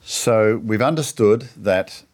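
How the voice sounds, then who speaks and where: Deep-voiced man explaining scripture. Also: slow pace. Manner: earnest, explanatory, leans on "you know". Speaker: co-host of a Bible teaching show. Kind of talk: conversational Bible discussion.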